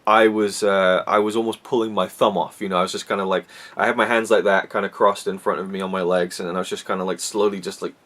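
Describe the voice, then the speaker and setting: Male film reviewer, low-pitched, chatty, self-correcting delivery. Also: flat delivery, quick pace, hardly any pauses, a bit bright. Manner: rambling, many restarts and fillers. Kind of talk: casual solo movie review.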